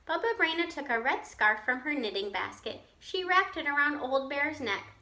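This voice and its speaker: A woman teacher reading a children's picture book aloud, slowly and expressively, pausing to explain to her listeners. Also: on the high side. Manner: slow, expressive storytelling with asides to listeners.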